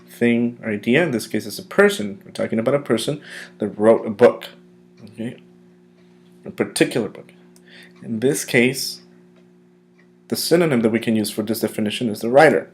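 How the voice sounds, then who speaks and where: A male teacher leads a vocabulary lesson for his students. He talks with patient encouragement and draws out each key word slowly and deliberately so the class can repeat it after him. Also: medium pitch. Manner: slow, deliberate modeling of pronunciation.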